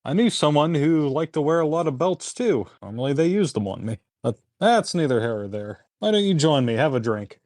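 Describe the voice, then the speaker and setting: Deadpan joking man playing a tabletop game. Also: a little high, fairly quick, hardly any pauses, no echo, clean studio sound. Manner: deadpan jokey quips. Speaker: player. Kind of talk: in-character tabletop play.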